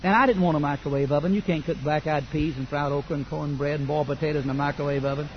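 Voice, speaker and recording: An older man, preaching a sermon that swings from quiet asides to loud fervent declaration. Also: fairly high pitch, fairly even intonation, quick pace, dull audio, a little hiss or hum.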